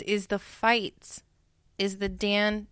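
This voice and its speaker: A woman co-hosting a casual TV recap podcast, opinionated and animated, acting out characters' lines in paraphrase. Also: medium pitch, slow pace, smooth, no echo, studio quality. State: tipsy from drinking. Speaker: podcast co-host.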